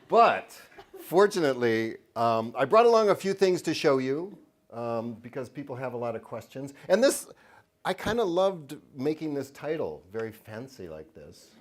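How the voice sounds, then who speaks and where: A man's voice: a little high, a little hiss or hum. A man presents his books to a lecture-hall audience with a playful, self-mocking humor. He chuckles between lines and keeps a loose, joking tone. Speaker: children's book author giving a talk. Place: lecture hall at a university event.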